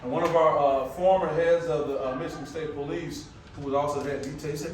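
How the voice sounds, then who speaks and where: A man giving an energetic, casual motivational presentation, calling out to the crowd in a preacher-like way. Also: a little high, brisk, recorded from a distance, a little hiss or hum. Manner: energetic, preacher-like call and response; casual, colloquial phrasing. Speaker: motivational speaker. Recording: very echoey room, picked up from afar.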